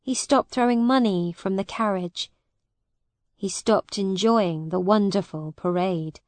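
A woman narrating a storybook in a slow, clear, simple reading manner. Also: medium pitch, a little mellow, no echo.

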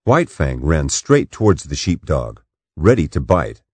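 Slow, deep-voiced male storyteller. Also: very animated, darkish tone, slightly rough, dry recording. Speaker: narrator. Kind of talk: audiobook narration.

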